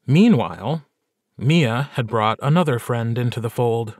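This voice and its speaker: A man hosting a podcast, giving clear, scripted narration that explains and links the stories. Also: mid-range voice, expressive, measured pace, a little mellow. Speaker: podcast host.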